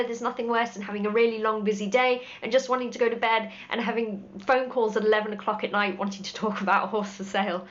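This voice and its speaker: A woman's voice: a little high, fairly bright tone. A woman, working as a horse dealer, giving direct, practical advice with dry humour. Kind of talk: scripted advice talk to camera. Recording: dull lo-fi audio.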